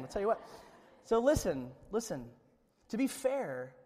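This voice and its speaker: A man preaching a sermon to a congregation, animated and conversational, swinging between loud excitement and hushed earnestness. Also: high voice. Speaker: pastor. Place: church sanctuary. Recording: long reverb of a church hall.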